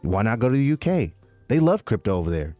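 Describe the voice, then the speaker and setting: A man co-hosting a casual crypto podcast, animated and slangy, calling people "man" and "dude". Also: lowish voice, quick pace, no echo, faint music behind. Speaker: podcast co-host. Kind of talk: casual chat.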